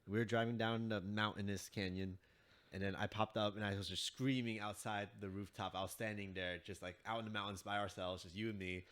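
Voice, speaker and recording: A man's voice: fairly low pitch, steady tone, a little fast, fairly bright tone. A man co-hosting a casual chat podcast, joking, laughing often and trailing off mid-sentence. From New York. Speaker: podcast co-host.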